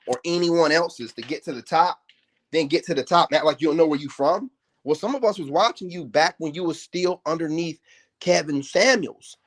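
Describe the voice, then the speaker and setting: A man with a somewhat high-pitched voice rants straight at the camera in a confrontational commentary. His speech is slangy and mocking. He keeps jumping up into higher, heated outbursts. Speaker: self-help commentator. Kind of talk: ranting commentary.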